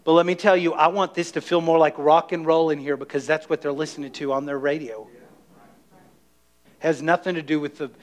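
A middle-aged man preaching a sermon as pastor of his church, emphatic and energetic, calling on the congregation to respond. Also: on the high side, brisk. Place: church sanctuary.

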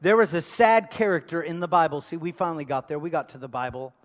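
A man preaching a sermon, calling out to the congregation for responses and swinging between loud emphasis and hushed asides. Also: a little high, animated, fast talker. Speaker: pastor. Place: large church hall. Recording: long hall reverb.

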